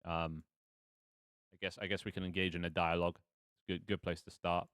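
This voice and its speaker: A man's voice: deep voice, level tone, brisk, a bit bright, clean tone, no echo, clean studio sound. A man as game master, narrating a tabletop game on a casual live stream in a rambling, self-mocking way with fillers and swearing.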